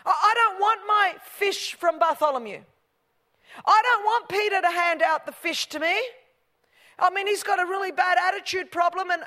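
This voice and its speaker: This is a whiny, entitled churchgoer, put on by a woman who thinks she deserves better than everyone else. The voice sits high and pushes loud, tumbling into indignant stammers. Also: big-room sound. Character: petulant, self-important churchgoer demanding special treatment.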